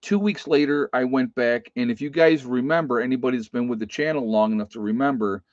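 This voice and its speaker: A man's voice: medium pitch, fairly quick, no room sound. A man, hosting his homestead channel, telling a personal story in a rambling way, repeating phrases and talking straight to his viewers. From United States. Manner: rambling, repeats phrases, addresses folks directly. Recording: dry, slightly dull home recording.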